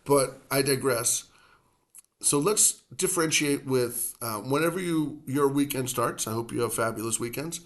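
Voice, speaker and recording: A man from the United States gives a casual Spanish lesson at a middle pitch. He talks in a loose, chatty way with asides, and drops to a slow, careful pace whenever he models a word. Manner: chatty and digressive, slows to spell out words. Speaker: Spanish teacher.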